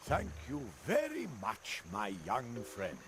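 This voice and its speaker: A man's voice: mid-range voice, wildly swooping pitch, slow pace, noisy background. An actor voicing a polite, grandfatherly old male traveler who carries spices, in a video game. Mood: genial. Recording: game audio under music.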